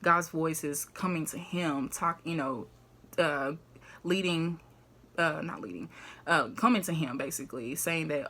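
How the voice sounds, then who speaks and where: A woman's voice: lowish voice, measured pace, bright, forceful tone. A young woman sharing casual faith encouragement in a vlog. She talks in a chatty way, leaning on "like" and "you know", and laughs easily. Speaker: faith vlogger. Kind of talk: casual faith talk to camera.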